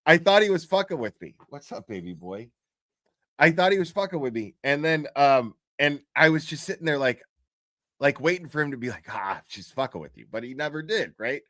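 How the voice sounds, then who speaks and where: Here the host's voice is a little high and lively, moving at a brisk clip. The sound is somewhat bright with no echo as he chats casually on his livestream, telling a rambling, foul-mouthed story with restarts and bursts of laughter.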